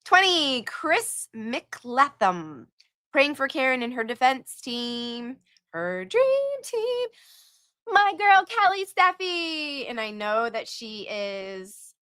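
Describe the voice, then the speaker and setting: Bright-voiced woman hosting a livestream. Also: a little high, no room sound, clean studio sound. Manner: animated, reads donor names and messages aloud with quick asides. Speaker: livestream host. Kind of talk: casual livestream chat, reading out donations.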